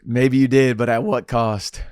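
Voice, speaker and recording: Male podcast co-host, teasing banter, clean smooth voice, dry close mic. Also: medium pitch, flat delivery, measured pace, darkish tone, no room sound. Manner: teasing, chuckling. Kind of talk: casual chat.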